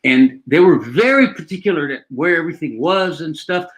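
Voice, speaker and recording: A man's voice: fairly high pitch, animated, moderate pace. Older man telling rambling jokey stories. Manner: rambling, joking storyteller. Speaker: actor guest. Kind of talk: casual live chat.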